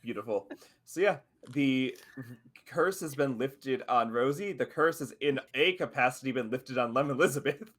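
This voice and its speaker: A man acting as game master for a tabletop game on a live stream. He talks in an easygoing, relaxed way, laughing often. His pitch sits in the middle of the range. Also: normal speed. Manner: easygoing, laughs often, greets chat mid-scene.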